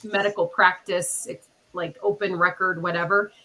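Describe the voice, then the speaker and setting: A woman with a lowish voice hosts a casual podcast chat at a normal pace, and the recording is rough. She tells stories animatedly, acting out what other people said, and coughs now and then because she is ill.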